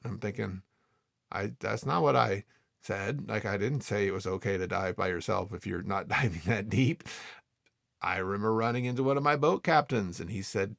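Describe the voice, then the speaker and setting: A man who teaches freediving, talking casually and telling stories in a quick, animated way, acting out what students said. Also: medium pitch, gravelly, no echo, studio quality. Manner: animated, quick, acts out quoted people. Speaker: freediving instructor. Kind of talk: casual storytelling talk.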